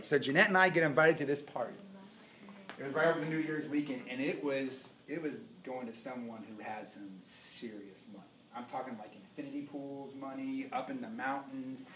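A middle-aged man preaching a sermon as pastor, telling stories with big swings between loud and hushed. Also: medium pitch, fairly quick, slight background noise. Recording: echoey room.

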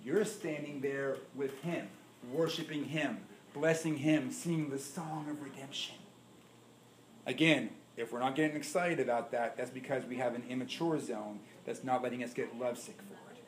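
A middle-aged man preaching a sermon as pastor, telling stories with big swings between loud and hushed. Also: mid-range voice, steady tone, normal speed, a little hiss or hum. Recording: echoey room.

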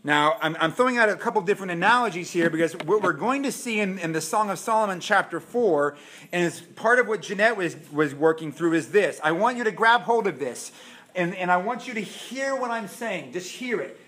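A man's voice: high voice, lively intonation, brisk, pushed and bright. Emphatic male pastor in an echoey church. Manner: emphatic, repeats points, asks the audience questions. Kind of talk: sermon. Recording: echoey room.

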